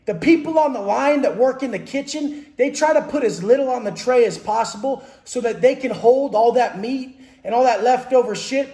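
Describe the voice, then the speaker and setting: Brief: high-pitched male coach, aggressive profane monologue, roomy echoey space. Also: a little mellow. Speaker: fitness and mindset coach. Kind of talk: blunt profane monologue about prison life. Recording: roomy echo.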